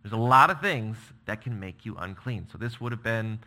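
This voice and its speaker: Man, pastor, sermon, very bright tone, lively pitch, emphatic. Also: normal speed, few pauses. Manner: emphatic, dramatic scripture reading.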